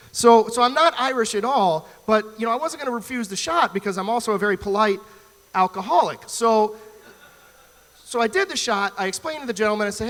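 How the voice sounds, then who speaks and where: A male stand-up comedian from the US Midwest, talking in an animated, rambling way on stage at a live venue. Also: high voice, fast, big-room sound. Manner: animated, chatty, rambling asides.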